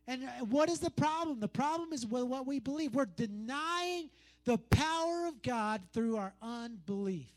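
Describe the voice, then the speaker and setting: A man's voice: very high-pitched, animated, moderate pace. A man preaching a sermon, pressing his points through repetition and conversational asides.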